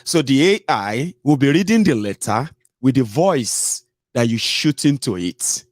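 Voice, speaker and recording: A man's voice: mid-range voice, lively intonation, unhurried, no echo, clean studio sound. A Nigerian man hosting a casual livestream, chatty, mixing in pidgin and frequent "eh" and "omo". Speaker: host.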